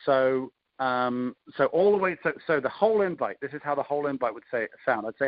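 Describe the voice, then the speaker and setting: A man with an English accent coaching on a call, talking through sales invitation scripts in a relaxed, conversational way with frequent ums and restarts. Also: medium pitch, a little fast, no room sound, lo-fi sound. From England. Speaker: network marketing coach.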